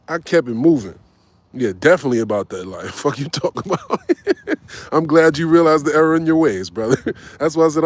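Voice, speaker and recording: A man in his forties tells a personal story in casual, profane talk, acting out both sides and tagging his lines with "right?" He's animated and swears freely. His voice sits on the high side and moves briskly, and the recording is dry.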